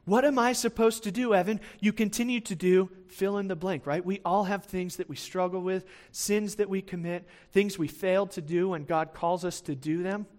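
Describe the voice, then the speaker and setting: A man with a high voice preaches in a relaxed, conversational way. He keeps asking his listeners for a nod and often doubles words as he thinks aloud. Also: moderate pace, few pauses. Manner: conversational, asks listeners for assent, repeats words. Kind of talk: sermon.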